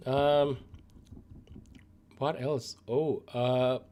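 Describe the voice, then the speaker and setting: A man hosting a gaming news show, chatting casually to viewers in a relaxed, rambling way with many fillers. He is losing his voice and coughs now and then. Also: mid-range voice, drawn-out words.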